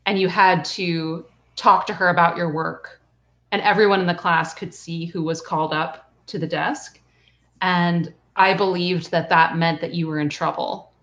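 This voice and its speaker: A woman guest telling a personal story in an earnest, reflective way, with soft laughs. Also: on the low side, fairly even intonation, measured pace. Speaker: guest author and coach. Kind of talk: conversational storytelling.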